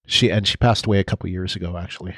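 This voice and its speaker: A man with a lowish voice talks casually as a podcast co-host, trailing off and restarting his thoughts. The sound is dry and close. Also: fairly even intonation, racing, a bit bright, no echo. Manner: rambling, hesitant, many restarts. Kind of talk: casual chat.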